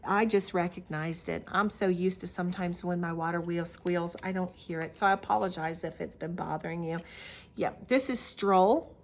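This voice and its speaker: Recorded as if on a camera mic in her home crafting room, a middle-aged woman hosts a casual Flosstube show-and-tell. Her voice is fairly low and creaky, with fairly even intonation at a moderate pace, and she rambles chattily, restarting sentences and saying "um" often.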